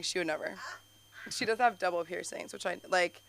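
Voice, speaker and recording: A woman's voice: fairly low pitch, normal speed, vocal fry, fairly bright tone, slight background noise. A young woman doing a rambling stand-up set at an open mic, chatty and giggly, with lots of "like" and restarts. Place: small comedy club stage.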